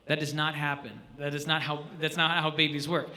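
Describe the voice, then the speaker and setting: A man leading a live jazz clinic for students, animated and joking, often asking the audience questions. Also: fairly high pitch, a little fast, few pauses. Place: school auditorium.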